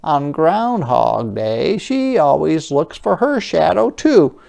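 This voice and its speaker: A man's voice: fairly high pitch, very animated, slow, vocal fry, darkish tone, voice pushed up, heavily acted. A man voicing a sleepy, fussy storybook groundhog, flustered and a little whiny. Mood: tired.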